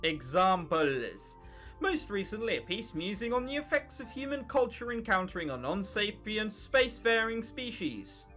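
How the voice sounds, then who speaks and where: A dry, formal male scientist from a visual novel, read aloud by a woman. He answers in a measured, precise way, and his pitch moves a lot. Faint music plays underneath. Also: sing-song, fairly bright tone.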